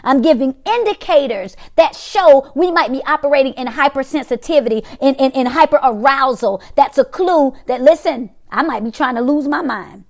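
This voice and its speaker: A woman's voice: high-pitched, lively intonation, normal speed, hardly any pauses. A middle-aged woman hosting a weekly talk, teaching in an emphatic, repetitive motivational way and acting out reactions. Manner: emphatic, repeats phrases, acts out reactions.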